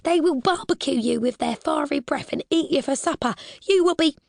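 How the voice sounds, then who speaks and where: A woman voicing a frantic listener who shouts panicked, high-pitched warnings in an audiobook. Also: moderate pace, creaky, no echo, studio quality. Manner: shrill, pleading, high-pitched.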